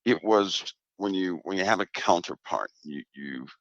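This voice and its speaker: A man speaking as a guest in a casual conversation, measured and emphatic, often repeating his point. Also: low-pitched, lively intonation, fairly bright tone, dry recording, muffled recording.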